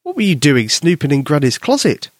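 A man's voice: a little high, huge pitch swings, a little fast, no echo, clean studio sound. A man playing a cautious little imaginary boy. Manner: warning, teasing tone.

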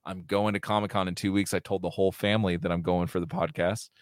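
American dude on a podcast, kinda low voice, cusses a ton, laughs a lot, super dry mic. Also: male voice, flat delivery, fast, no room sound. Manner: swears a lot, laughs often; calls everyone dude. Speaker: podcast co-host. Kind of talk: casual chat.

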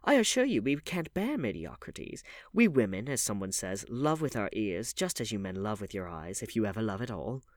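Man voicing a witty duchess, playful, bantering, lively rise and fall, dry close sound. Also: fairly low pitch, brisk, few pauses, dry recording. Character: witty, teasing aristocratic young duchess.

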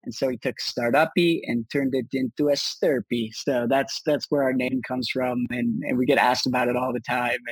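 A man's voice: mid-range voice, little pitch movement, normal speed, few pauses, husky, no echo, rough recording. A man, a startup founder being interviewed, answering in an upbeat casual way with many restarts and fillers.

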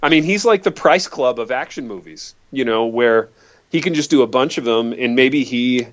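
A man's voice: medium pitch, normal speed. A man in his thirties co-hosting a podcast, talking in a laid-back, agreeable way. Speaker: podcast co-host. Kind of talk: casual chat. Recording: slightly dull lo-fi sound.

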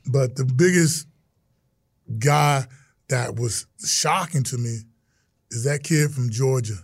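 A middle-aged man from Texas, a retired football player, telling stories as a guest in an animated, exclaiming way. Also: medium pitch, slow, slightly rough, dry recording, clean studio sound. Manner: animated, exclaiming, acts out quotes. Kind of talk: storytelling in casual chat.

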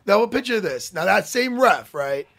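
A man co-hosting a casual talk show, telling animated, profane stories. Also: high-pitched, moderate pace, gravelly, no echo. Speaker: podcast co-host. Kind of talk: casual chat.

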